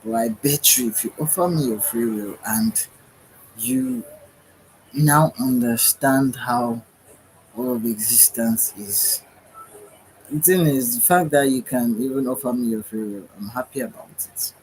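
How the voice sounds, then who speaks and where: A man's voice: mid-range voice, expressive, unhurried, a little hiss or hum, low-quality recording. A tired man hosting a livestream, giving a rambling spiritual monologue and often searching for his words. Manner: meandering, searching for words, frequent "right?". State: tired, yawning. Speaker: livestream host.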